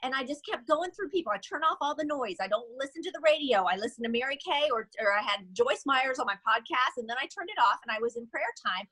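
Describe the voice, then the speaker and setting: A woman with a high voice gives a motivational sales talk. Her tone is bright and a little husky. She tells stories in an animated way and acts out the voices she quotes. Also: quick pace, few pauses, dry recording, poor audio.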